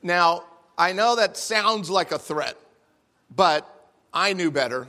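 A man from Texas giving a humorous sermon as guest speaker, acting out quotes with sudden loud bursts. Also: sits high, lively intonation, slow pace, a little hiss or hum.

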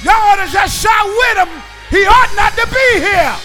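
A man pastoring a church service, preaching in shouts, whooping and calling out to the congregation. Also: extremely high pitch, lively intonation, a little slow, soft background music.

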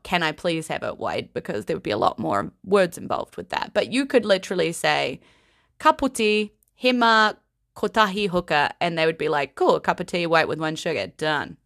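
A woman giving a casual vocabulary lesson in a playful, giggly, unhurried way. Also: on the low side, vocal fry, fairly bright tone, dry recording, clean studio sound. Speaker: language teacher.

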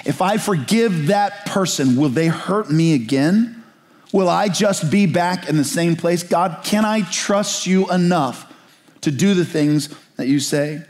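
A man delivering a sermon as pastor, his voice sitting a little high for a man. He presses slow, pleading questions, then slips into quicker, conversational asides. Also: darkish tone.

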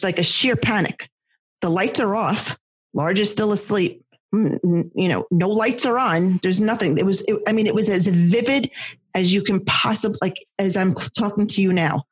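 In a casual conversation, a woman recounts something from her own life. Her husky, breathy voice sits at medium pitch and normal speed, and her animated delivery is packed with fillers and restarts.

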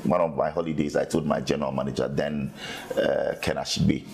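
A man's voice: a bass voice, steady tone, brisk, creaky, a little mellow, low-quality recording. A middle-aged man with a Ghanaian English accent, a guest in a sit-down interview, telling his story in an upbeat, earnest way with many repeated starts. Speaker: interview guest, media executive.

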